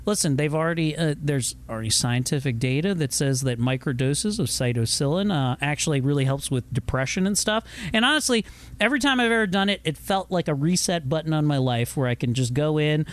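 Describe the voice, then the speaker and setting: A man with a noticeably high speaking voice chats on a podcast. He rambles and jokes, circling back with fillers and restarts. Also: animated, fairly quick. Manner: rambling, joking, many fillers. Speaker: podcast co-host. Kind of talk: casual chat.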